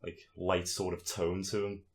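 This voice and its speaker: A man's voice: low voice, flat delivery, normal speed. A man chatting casually on a podcast, rambling through stories with dry jokes. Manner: dry, rambling storyteller with chuckles. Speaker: podcast co-host. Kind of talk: casual banter with friends.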